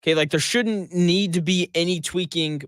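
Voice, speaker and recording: A man's voice: high-pitched, moderate pace, fairly bright tone, smooth, no room sound. Emphatic sports radio host, man. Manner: emphatic and conversational, with frequent "okay, like" asides. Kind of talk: sports talk radio monologue.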